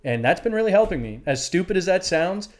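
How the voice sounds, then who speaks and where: A man's voice: high-pitched, big pitch swings, fast talker. A young man co-hosting a podcast, talking casually with heavy swearing and calling his friend dude, self-critical about his work. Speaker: podcast co-host. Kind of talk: casual chat.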